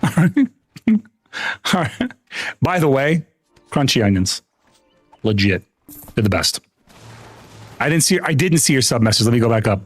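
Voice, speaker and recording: A man from the United States chatting casually on a gaming livestream, a rambling, profane storyteller who restarts his sentences and often jumps up in pitch. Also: lively intonation, a little slow, long pauses, no echo, soft background music. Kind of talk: casual live-stream chat while gaming.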